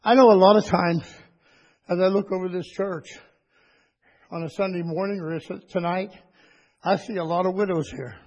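A man preaching a sermon to his church, rising into high, excited bursts and calling for amens. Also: normal speed, pauses often. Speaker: pastor. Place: church sanctuary. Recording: dull lo-fi church recording with long reverb.

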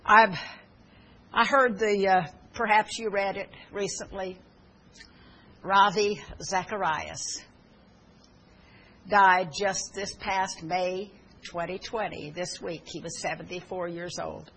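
A woman's voice: mid-range voice, fairly even intonation, slow pace, pauses often, a bit bright, husky, rough recording. A woman preaching a sermon, telling stories earnestly with fillers and restarts, and urging her listeners fervently.

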